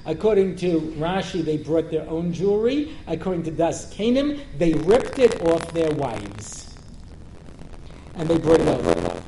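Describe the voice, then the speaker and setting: A man giving a Torah class as a rabbi, telling the story with animated humor and translating Hebrew verses as he goes. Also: a little high, normal speed, creaky. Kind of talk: Torah lecture with humorous asides. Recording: roomy lecture-hall recording with faint noise.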